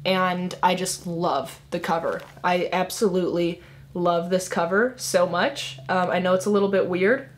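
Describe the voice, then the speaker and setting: A woman's voice: fairly low pitch, normal speed, slight background noise. A woman in her twenties chatting casually as a book vlogger, gushing and filling her talk with "like" and "um". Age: 20s. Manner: chatty, gushing, many "like" and "um" fillers. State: emotional, tearing up. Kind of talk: casual book haul chat.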